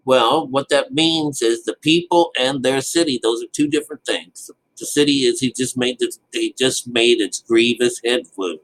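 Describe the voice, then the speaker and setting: A man's voice: mid-range voice, normal speed, few pauses, fairly bright tone, a little hiss or hum, rough recording. A man giving a casual, rambling Bible commentary, full of restarts and loose swearing. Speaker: Bible teacher.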